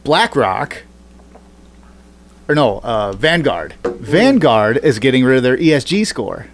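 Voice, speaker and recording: A man with a middle-pitched voice hosts a loose podcast conversation. He rambles, swears freely and works out numbers aloud, often stopping to correct himself. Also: very animated, slow, slight background noise. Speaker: podcast host. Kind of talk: casual podcast chat.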